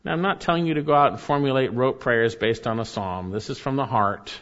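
A man preaching a sermon, reading scripture and explaining it, rising to loud emphasis and dropping to hushed tones. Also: medium pitch, fairly quick, lo-fi sound. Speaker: pastor.

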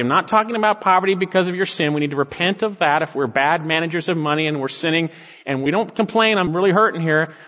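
A male pastor preaching a sermon with emphatic stresses, dropping low on key words. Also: fairly bright tone. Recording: long hall reverb, dull lo-fi sound.

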